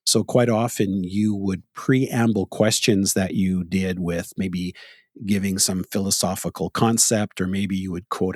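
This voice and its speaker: A man's voice: fairly low pitch, darkish tone, dry recording, clean studio sound. A middle-aged Canadian man hosting a podcast, telling stories in a casual, reflective chat and chuckling often. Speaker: podcast host.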